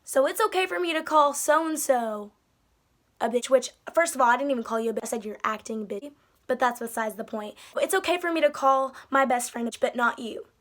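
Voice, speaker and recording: Sassy high-voiced young woman vlogger. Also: a little fast. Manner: sassy, animated retelling with mocking quoted voices. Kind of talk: casual storytime vlog. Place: indoors by a wall. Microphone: phone.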